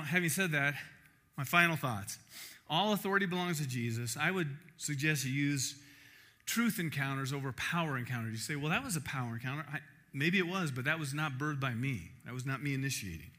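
A middle-aged man preaching a sermon, telling a personal story in an animated way and acting out the crowd. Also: a little high, a little fast.

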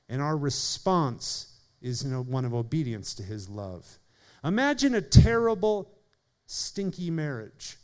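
A man preaching a sermon in an earnest way, speeding up and slowing down for emphasis and calling on listeners by name. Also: fairly high pitch, darkish tone, smooth. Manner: earnest preaching, shifting pace and volume for emphasis. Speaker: pastor.

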